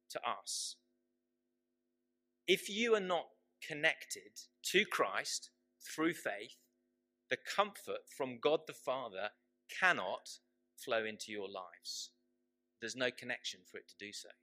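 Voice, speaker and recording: Male preacher, bright clear tone, unhurried sermon with emphatic repeats. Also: medium pitch. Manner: slow, emphatic, repeats key phrases.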